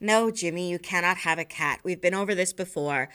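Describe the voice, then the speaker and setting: A woman voicing a weary, short-tempered mother, giving curt flat refusals in a read-aloud story. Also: on the low side, brisk, smooth. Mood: curt, exasperated.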